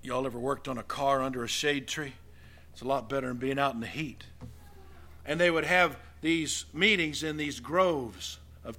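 A man from western Oklahoma, preaching a sermon in a dramatic storytelling way that swings from loud to hushed. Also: on the high side.

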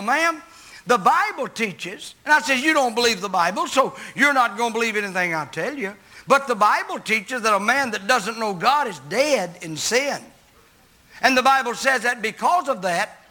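Preacher guy, real high piercing voice, folksy and emphatic, telling a story from the pulpit. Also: pushed and bright. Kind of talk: sermon storytelling.

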